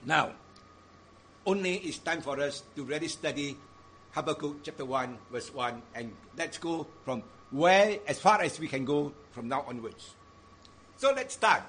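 A man preaching a sermon in a deliberate, emphatic way, stressing repeated phrases. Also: on the high side, animated, a bit bright, a little hiss or hum.

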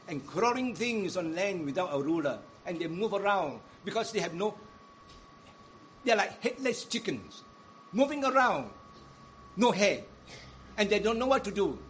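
High-voiced guy preaching in church, emphatic, rises and drops a lot, bit of faint noise. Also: fairly bright tone. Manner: emphatic, rising and falling with scripture quotes. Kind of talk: sermon.

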